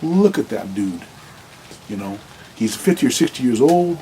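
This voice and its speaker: A blunt man giving dating advice in a loose, unscripted monologue, with a voice of ordinary middle pitch. He rambles and often restarts his sentences, stumbling over repeated words as he goes. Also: very animated, moderate pace, mellow, slight background noise, rough recording. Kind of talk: casual monologue to camera.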